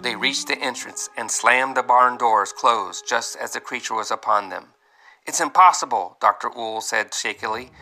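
A man's voice: on the low side, bright, forceful tone, rough recording. A man narrating a dramatic adventure story aloud, with vivid delivery and voiced characters. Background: faint music.

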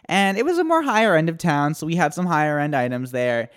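A man's voice: a little high, lively intonation, fairly quick, smooth. A man co-hosting a podcast, telling rambling stories in casual chat, swearing and laughing often. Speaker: podcast co-host.

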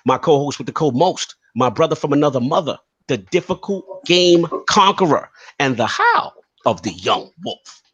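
A man's voice: fairly high pitch, lively intonation, moderate pace, a bit bright, breathy edge, no room sound, lo-fi sound. A man hosting a casual gaming podcast, introducing guests with playful hype-style nicknames. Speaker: podcast host.

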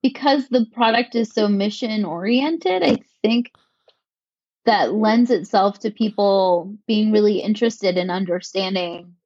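Measured woman co-founder, dull dry sound. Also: medium pitch, darkish tone, dry recording. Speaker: company co-founder. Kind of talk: interview answers.

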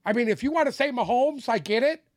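A man with a high, light voice argues his sports opinions bluntly, repeating his opening words as he gets started. He is recorded up close in a dry space with no echo. His manner is casual and stubborn. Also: animated, quick pace. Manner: opinionated, stammers restarts, blunt. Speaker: sports podcast co-host.

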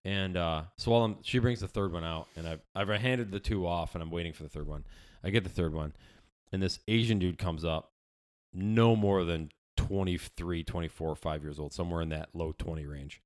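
Lowish-voiced American man telling a story. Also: moderate pace. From United States. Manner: profane storytelling, animated quoted voices. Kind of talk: casual chat.

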